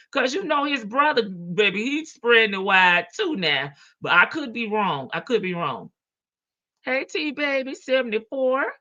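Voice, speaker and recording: Chatty high bright-voiced woman host. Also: highs cut off. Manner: chatty, laughs often, greets viewers by name. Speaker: livestream host. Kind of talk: casual chat reading out live comments.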